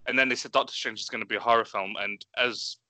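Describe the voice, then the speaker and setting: A man chatting excitedly on a podcast, swearing freely and gushing about films. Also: on the low side, quick pace, dry recording. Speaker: podcast co-host. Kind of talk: enthusiastic casual chat.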